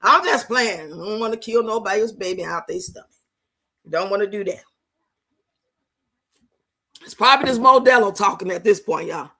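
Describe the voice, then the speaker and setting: A young woman hosting a live stream, chatting loudly and profanely, teasing and laughing as she reads out viewers' comments. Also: mid-range voice, moderate pace, long pauses. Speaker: livestream host. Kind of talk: casual live-stream chat reacting to a reality show.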